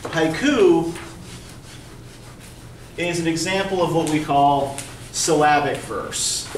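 Lecturing in a patient, explanatory manner, this college English instructor has a voice on the high side and keeps pausing to ask "right?" to make sure the class follows. A recorder placed away from him in the echoey room picks up a distant, roomy sound with a faint hum of background noise.

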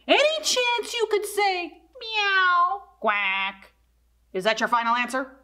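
Slow, lively woman reading a storybook. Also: high voice. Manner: playful, expressive, acts out animal sounds. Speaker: children's librarian. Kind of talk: reading a picture book aloud.

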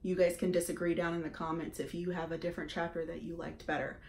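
A woman reads a children's novel aloud in a gentle, encouraging voice, like a teacher at story time. She takes her time and talks right to the kids listening. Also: on the low side, little pitch movement, quick pace.

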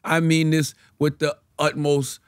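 Animated, argumentative man, high voice. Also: a little slow, clean tone, dry recording, clean studio sound. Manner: animated, argumentative, profane, laughing often. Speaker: podcast co-host. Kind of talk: casual chat.

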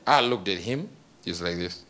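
Lively, joking male preacher. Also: deep voice, moderate pace, slight background noise. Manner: animated, jokey, laughs between lines. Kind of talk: storytelling sermon.

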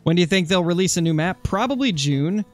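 A man's voice: sits high, lively intonation, fairly quick. Chatty streamer man with music behind. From Oregon, USA. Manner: chatty, answers chat comments while hunting. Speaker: gaming streamer. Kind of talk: casual live-stream commentary.

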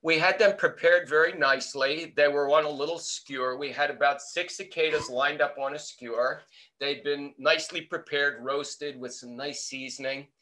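A man's voice: on the high side, fairly even intonation, normal speed, sharp tone. A middle-aged American man, an entomology professor, telling a playful story in a webinar talk. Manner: storytelling, acting out quoted voices, playful. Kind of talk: lively anecdotal talk.

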